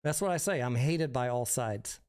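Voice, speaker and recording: A male host of a late-night live stream, talking casually and bluntly, with swearing along the way. His voice is smooth and clear, pitched mid-range. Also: animated, moderate pace, darkish tone. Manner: blunt, profane, defensive.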